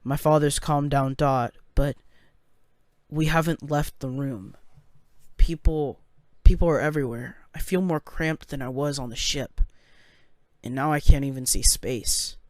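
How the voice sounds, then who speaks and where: Guy telling a first person story, slow, kinda anxious and stammery, dry close mic. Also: fairly high pitch, fairly even intonation, no echo. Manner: halting, anxious, with stammered restarts.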